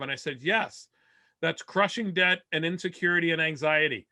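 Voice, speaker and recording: High, bright-voiced rambling male comedian. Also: brisk. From Winnipeg, Canada. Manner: rambling self-deprecating jokes with many restarts. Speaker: stand-up comedian. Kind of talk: stand-up comedy set over video call. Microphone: video call.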